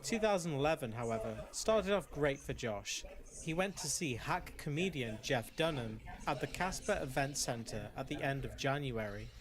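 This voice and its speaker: A man reading a documentary script as host in a dry, deadpan way. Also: mid-range voice, normal speed, noisy background. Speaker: host narrator.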